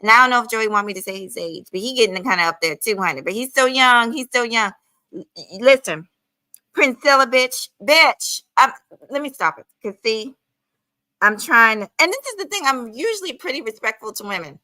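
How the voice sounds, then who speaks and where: A woman's voice: on the high side, animated, brisk, pushed and bright, dry recording, low-quality recording. Chatty woman in her forties hosting a livestream. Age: 40s. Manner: chatty, calls viewers honey. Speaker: livestream commentary host. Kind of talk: casual live commentary.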